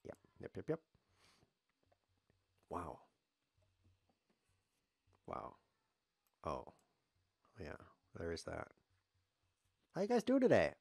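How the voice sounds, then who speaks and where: A man's voice: deep voice, huge pitch swings, extremely slow, vocal fry, pauses often, a little mellow, breathy edge, no room sound. A man commenting live on his own chess game as a streamer, sarcastic, self-mocking and grumbling.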